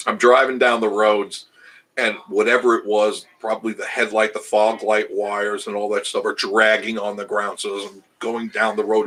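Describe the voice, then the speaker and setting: A man's voice: on the low side, flat delivery, moderate pace, a bit bright, poor audio. An older man hosting a casual livestream, chatting with viewers in a rambling, self-amused way. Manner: rambling, chatty, restarts, laughs at himself. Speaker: travel channel host reading live chat.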